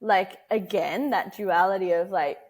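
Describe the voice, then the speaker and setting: Husky woman telling a story. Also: mid-range voice, unhurried. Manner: chatty, laughs often, acts out quoted voices. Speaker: podcast guest, motherhood educator. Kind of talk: casual interview storytelling.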